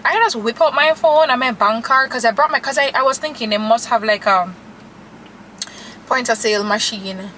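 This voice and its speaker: A woman's voice: a little high, normal speed, sharp tone, slight background noise, poor audio. A young woman, chatting and gushing to camera as a vlogger from her car. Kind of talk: casual chat to camera.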